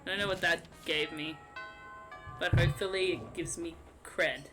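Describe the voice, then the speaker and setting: A young adult woman streaming a game, giving casual commentary, exasperated and swearing with loud outbursts. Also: lowish voice, steady tone, normal speed, over music.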